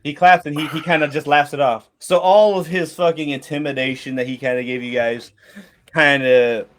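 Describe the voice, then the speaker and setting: A man's voice: a little high, fairly even intonation, normal speed, a little hiss or hum. A man narrating a tabletop game as game master, rambling with restarts and casual swearing.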